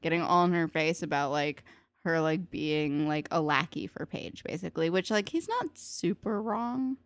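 A woman's voice: sits low, expressive, normal speed, no room sound. A woman co-hosting a casual podcast, recapping a TV episode in a chatty, sarcastic way, swearing freely. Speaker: podcast co-host.

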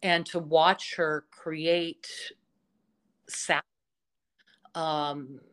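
A woman with a low voice tells stories as a guest on an interview podcast. She speaks slowly and with enthusiasm, filling her pauses with frequent ums and you-knows. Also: flat delivery, fairly bright tone. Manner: enthusiastic storytelling, full of fillers. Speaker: vocal instructor, interview guest. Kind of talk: casual interview chat.

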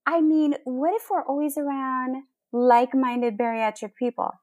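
Earnest woman, higher voice, dry close sound. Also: steady tone, normal speed, no room sound, narrow, tinny audio. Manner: warm, earnest, searching for words. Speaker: interview guest. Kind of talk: casual interview chat.

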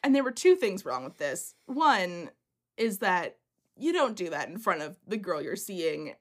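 A woman's voice: lowish voice, very animated, a little slow. A young woman co-hosting a podcast in casual chat, playful and teasing, laughing often. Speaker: podcast co-host.

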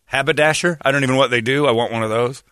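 Male radio host, rambling jokey banter, bright tone, dry studio mic. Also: medium pitch, racing, no echo. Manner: joking, rambling. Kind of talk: casual chat.

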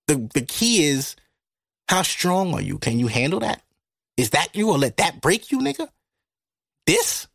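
A man talking straight into a studio microphone in a blunt, profane, animated monologue. His voice sits a little high, and the recording is close and dry with no room sound. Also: vocal fry, no echo. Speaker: podcast host. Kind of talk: casual monologue.

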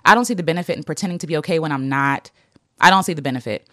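Earnest, lower-voiced woman reading affirmations. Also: racing, fairly bright tone, dry recording, studio quality. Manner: earnest and open, laughs often, many fillers. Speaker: vlogger. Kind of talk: reading affirmations and reflecting aloud.

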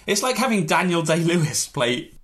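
A man in a casual chat, ranting in an animated, exaggerated comic way. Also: fairly high pitch, normal speed.

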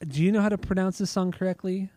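A man's voice: high voice, steady tone, quick pace, dark tone, no room sound. A man from Southern California with a Southern Californian accent, co-hosting a podcast in casual chat, teasing and laughing easily. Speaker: podcast co-host.

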